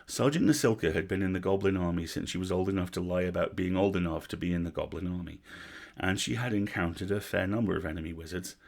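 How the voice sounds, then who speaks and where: Low gravelly man reading a story. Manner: measured, wry asides. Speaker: story reader. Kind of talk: audiobook-style story reading on a livestream.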